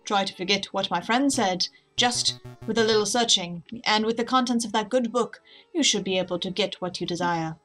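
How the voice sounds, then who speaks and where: A woman voicing a secretive, composed male bird rebel in a game, speaking in a guarded, measured way. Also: medium pitch, a bit bright, faint music behind, close to an everyday voice, low-quality recording. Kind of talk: game dialogue read aloud.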